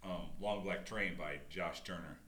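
A middle-aged man with a deep voice co-hosting a casual podcast chat, joking around and rambling with lots of fillers. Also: measured pace, sharp tone, echoey room. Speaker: co-host.

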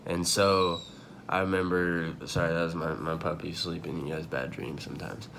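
A man's voice: low-pitched, little pitch movement, moderate pace, creaky, noisy background. A young man telling a long personal story in a casual, rambling way, full of fillers and swearing, at home. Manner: rambling, profane, filler-heavy with many likes. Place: home room.

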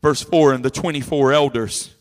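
A middle-aged man preaching a revival sermon into a church microphone, loud and impassioned, dropping into quiet asides and repeating words in quick runs. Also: mid-range voice. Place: church sanctuary with a sound system. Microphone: handheld or stand microphone, volume adjusted by the sound man.

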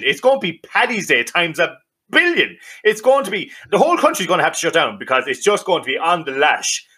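A boisterous Irish man talking in loose, rowdy banter as a podcast co-host. His voice is bright and forceful, and he swears and laughs freely. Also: a little high, breathy edge. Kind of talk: casual banter.

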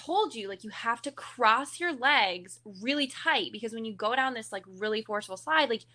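A young woman guest on a podcast, excitedly retelling a funny story with giggles. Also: on the high side, moderate pace. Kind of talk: casual storytelling chat.

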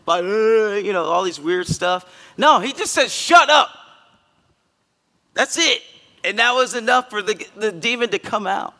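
Gravelly-voiced man preaching in a reverberant church. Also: sits high. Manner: earnest, emphatic, with sudden loud bursts. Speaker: pastor. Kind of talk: conversational sermon. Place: church sanctuary.

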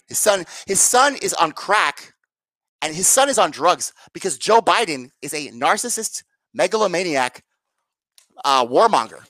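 A woman's voice: on the low side, animated, measured pace, fairly bright tone, dry recording. Sarcastic, fired-up woman ranting. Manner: sarcastic, profane, exasperated. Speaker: political commentator. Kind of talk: angry political rant to viewers.

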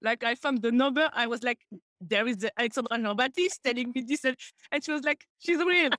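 A woman's voice: fairly high pitch, fast, no echo. A woman from France with a French accent, a guest on a podcast, telling stories playfully and laughing often. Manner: playful, laughing, animated storyteller. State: a little nervous.

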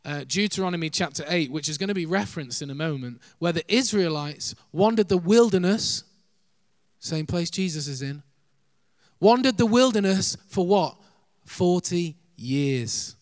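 A man's voice: high voice, lively intonation, moderate pace, no echo. A man preaching a sermon, earnest, shifting his pace and volume for emphasis, with light laughs.

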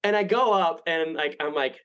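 A man's voice: on the high side, moderate pace, rough recording. A young man telling a long rambling story on a podcast, swearing often and acting out what people said. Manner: rambling, profane, animated quoting. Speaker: podcast guest. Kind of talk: casual storytelling.

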